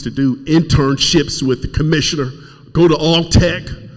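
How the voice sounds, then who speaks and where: A man's voice: on the high side, fairly even intonation, unhurried. A middle-aged man from Kentucky giving an emotional speech at a community event, fighting back tears as he urges the audience on. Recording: reverberant hall sound.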